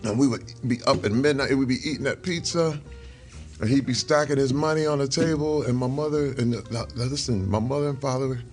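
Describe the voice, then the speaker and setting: A man's voice: mid-range voice, a little fast, a little mellow, soft background music. A middle-aged man, a guest in an interview, talking over a meal in an earnest, reflective way and chuckling now and then. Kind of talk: casual conversation over a meal.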